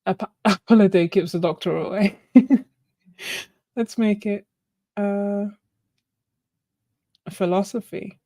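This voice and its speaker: A woman's voice: mid-range voice, slow pace, pauses often, mellow, no echo, studio quality. A woman hosting a casual art livestream, chatting, laughing often and thinking aloud. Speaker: art channel host.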